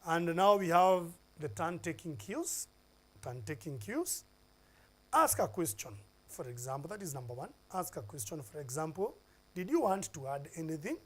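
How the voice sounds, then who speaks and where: A Kenyan man teaches an oral English lesson for television. His voice sits a little high, and he walks through numbered points with emphatic stress and frequent "uh"s. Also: big pitch swings, normal speed, husky. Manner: emphatic, lists points one by one with fillers.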